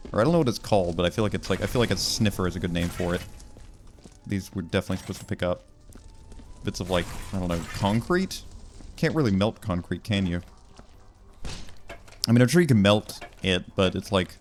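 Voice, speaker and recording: A man's voice: low-pitched, a little hiss or hum. A young man doing casual gameplay commentary, telling rambling, wry stories with lots of fillers. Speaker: gaming video creator.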